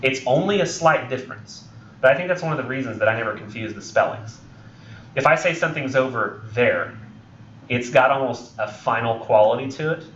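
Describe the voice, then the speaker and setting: A young college English instructor with a drawl lectures his class, rambling off on tangents, joking, and correcting himself with plenty of ums. His mid-range, slightly bright voice is lively and fairly quick, captured from a distance in a roomy classroom. The dull, lo-fi recording carries slight background noise.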